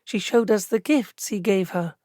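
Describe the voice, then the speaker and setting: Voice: mid-range voice, normal speed, dry recording, studio quality, pitched above the performer's own voice, natural voice. A narrator voicing a nervous, earnest young woman clerk who fights back tears. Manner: earnest, tearful, soft.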